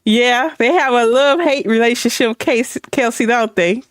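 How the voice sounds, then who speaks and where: A woman's voice: fairly high pitch, normal speed, no echo, clean studio sound. A woman chatting loosely and laughing while streaming a game. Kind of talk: casual chat while playing a game.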